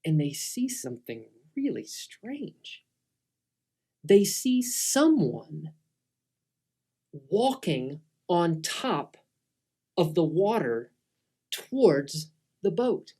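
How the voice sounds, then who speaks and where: Slow, animated woman telling a Bible story. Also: fairly low pitch, slightly rough. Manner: dramatic, swinging between loud and hushed. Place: church.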